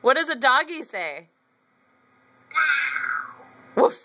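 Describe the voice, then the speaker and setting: Sing-song high woman in baby talk. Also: big pitch swings, unhurried. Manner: sing-song, coaxing, imitates animal sounds. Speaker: relative on a video call with a toddler. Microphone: video call. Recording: noisy video call audio.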